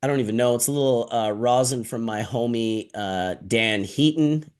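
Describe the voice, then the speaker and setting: A man hosting a casual live stream chat from his office, loud, joking and swearing as he tells stories. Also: mid-range voice, moderate pace, clear, resonant tone. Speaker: host.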